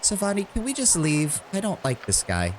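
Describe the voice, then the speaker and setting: A man's voice: sits high, wildly swooping pitch, moderate pace, slight background noise. A man giving chatty, joking commentary while streaming a video game. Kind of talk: live gameplay commentary.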